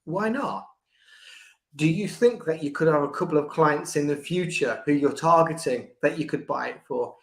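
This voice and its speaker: An older man, a book coach, talking in a conversational interview, lively and restarting his sentences, sometimes acting out quoted voices. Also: fairly high pitch, normal speed. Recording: echoey room.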